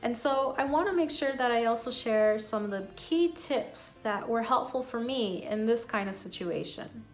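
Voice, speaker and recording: A woman teaching an online English lesson. She speaks slowly and calmly, modelling each phrase clearly. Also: fairly high pitch, soft background music.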